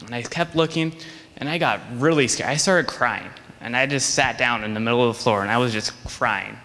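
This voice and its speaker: A man leads a children's sermon with an animated story and acts out its voices as he goes. His voice sits at an ordinary middle pitch. It carries a long reverb from a large church hall. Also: fairly quick, a little hiss or hum.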